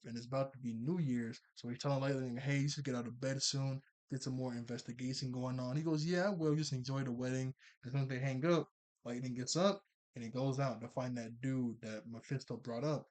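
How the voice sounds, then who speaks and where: A man casually recapping an anime episode, rambling and chuckling as he paraphrases the characters' lines. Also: mid-range voice. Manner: rambling, laughs often, quick paraphrased quotes. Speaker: anime reviewer.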